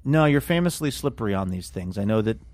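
A man's voice: lowish voice, lively intonation, quick pace, darkish tone. A man co-hosting a podcast in casual chat, rambling and playful as he runs a quiz. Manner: rambling, playful, self-mocking. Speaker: podcast co-host and quizmaster.

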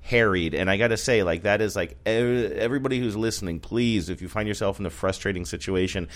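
A man with a very low voice talks loosely on a podcast, rambling and stopping to correct himself. He laughs often between thoughts. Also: fast. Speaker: podcast co-host. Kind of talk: casual chat. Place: North Seattle area.

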